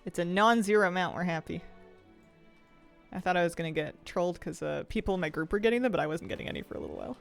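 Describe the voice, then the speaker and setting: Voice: mid-range voice, animated, quick pace, vocal fry. A game streamer chatting casually while playing, reading viewer questions aloud and laughing often. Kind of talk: casual chat while gaming, answering chat. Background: faint game music.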